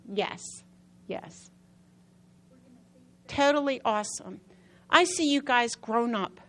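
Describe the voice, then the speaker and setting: A woman preacher giving a sermon with personal testimony, an animated storyteller who repeats phrases for emphasis and whose voice climbs high when excited. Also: slow pace, long pauses.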